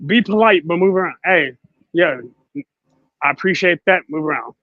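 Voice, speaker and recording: A man's voice: sits high, expressive, normal speed, no echo, narrow, tinny audio. A man in a heated casual debate, blunt and firm. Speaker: panelist.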